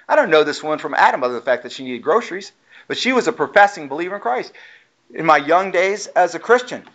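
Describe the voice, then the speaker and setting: A man's voice: a little high, a bit bright. Emphatic male pastor preaching, lo-fi. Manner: emphatic, acts out quoted voices while preaching. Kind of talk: sermon. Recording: muffled lo-fi sound.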